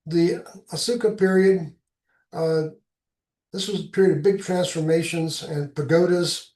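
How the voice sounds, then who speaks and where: Man presenting slides, fairly high voice, halting plainspoken delivery, echoey room sound. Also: steady tone, a little mellow, far from the mic. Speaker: presenter giving a travel talk.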